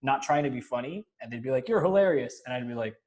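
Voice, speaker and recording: A young man hosting a casual chat, telling animated stories and laughing often. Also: medium pitch, fast. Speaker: podcast host. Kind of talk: casual conversation.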